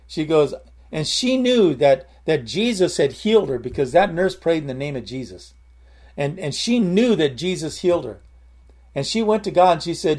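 A man's voice: a little high, lively intonation, moderate pace, darkish tone. A man preaching informally, telling a story in a rambling way and often repeating his words.

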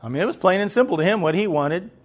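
A man preaching a sermon in a conversational tone. He often checks whether the listeners are following, then rises into loud, emphatic preaching. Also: high voice, expressive, fast talker.

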